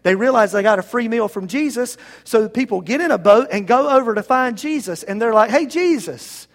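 A man's voice: sits high, a little fast. A man preaching a sermon as pastor, talking to the congregation in a conversational, emphatic way and appealing to them directly.

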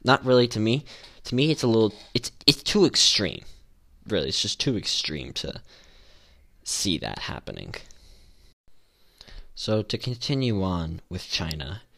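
Low-voiced man hosting a rambling podcast. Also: big pitch swings, a little slow, vocal fry, long pauses, bright, forceful tone. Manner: rambling, with many restarts and fillers. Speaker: podcast host. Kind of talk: casual solo podcast commentary.

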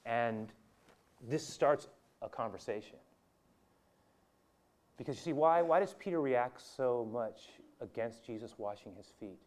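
A man's voice: mid-range voice, unhurried, pauses often, darkish tone. A male preacher giving a conversational sermon, telling the story with animation, chuckling and speaking straight to his listeners.

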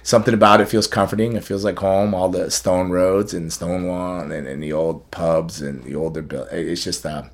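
A man's voice: low voice, fairly even intonation, normal speed, few pauses. A man hosting a podcast, telling stories in a rambling, casual way with many restarts and laughs. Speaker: podcast host. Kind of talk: casual storytelling chat.

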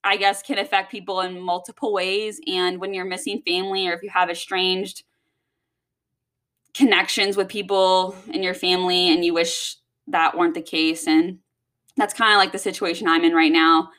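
A woman's voice: fairly low pitch, flat delivery, normal speed, a bit bright. A young woman from Texas, talking casually in a rambling, swear-heavy venting monologue.

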